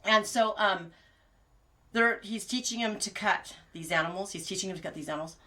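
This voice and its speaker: A woman's voice: medium pitch, brisk, sharp tone. A woman hosting a podcast, chatting casually and rambling through stories, laughing at her own jokes. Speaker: podcast host. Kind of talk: casual chat.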